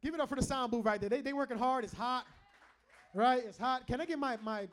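High-voiced pastor guy preaching in church, animated, jokey, calling out to the crowd. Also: fairly quick. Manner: animated, joking, calls out to the congregation. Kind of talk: lively preaching sermon. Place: church hall with a live congregation.

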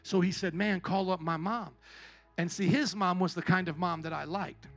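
A male pastor delivers a sermon at a church service. His voice sits high and rings bright, dropping into quiet storytelling and then rising to shouted calls to the congregation. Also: fairly even intonation, normal speed, soft background music. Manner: preaching with big swings between quiet storytelling and shouting.

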